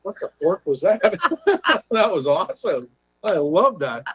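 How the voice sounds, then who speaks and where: A man with a slightly husky voice tells a personal story as an interview guest, animated and quick to act out the conversations he recalls. The sound is dry and close, with little room around him. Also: a little high, no room sound, rough recording. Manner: animated, retells conversations in dialogue.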